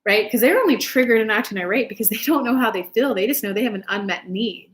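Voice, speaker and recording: A woman's voice: a little high, fast talker. A woman giving casual spiritual relationship advice, chatty and loose, cursing now and then and acting out little dialogues. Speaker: spiritual advice channel host.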